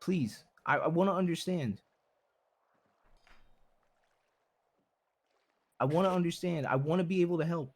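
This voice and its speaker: A man's voice: a little high, fast. A man playing a blunt, devoted husband who pleads earnestly and repeats himself as he comforts his wife in a game role-play. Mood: reassuring.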